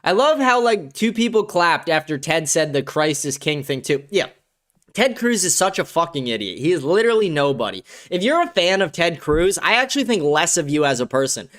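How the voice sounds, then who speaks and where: A man's voice: a little high, very animated, fairly quick, fairly bright tone. A young man hosting a livestream show, ranting in a profane, aggressive, heated way. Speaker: show host. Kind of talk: livestream political rant.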